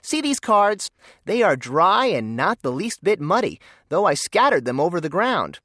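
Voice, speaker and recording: A storyteller voicing a confident young boy detective who speaks crisply and surely. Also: medium pitch, big pitch swings, moderate pace, a bit bright, dry recording, studio quality, pitched above the performer's own voice. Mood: calm confident.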